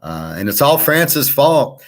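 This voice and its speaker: A man's voice: medium pitch, big pitch swings, slow. A man hosting a show in a casual, rambling monologue, blunt and profane, often restarting his sentences. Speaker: show host.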